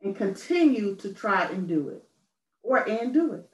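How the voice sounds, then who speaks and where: A woman with a mid-pitched voice speaks earnestly, searching for words and circling back to repeated phrases. She sounds distant from the mic, in a roomy, echoing space. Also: very animated, measured pace. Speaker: guest songwriter and poet. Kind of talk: personal testimony in interview.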